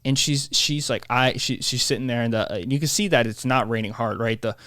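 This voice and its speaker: A man hosting his own podcast, talking in a rambling, animated monologue that keeps interrupting itself. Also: mid-range voice, a little fast, no echo, clean studio sound. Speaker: podcast host. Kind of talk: casual solo podcast monologue.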